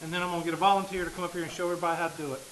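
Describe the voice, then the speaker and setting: A man's voice: fairly high pitch, flat delivery, very fast, a bit bright, a little hiss or hum, low-quality recording. A man, a math teacher talking casually and joking with his class in a classroom. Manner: joking, folksy, talks straight to the class.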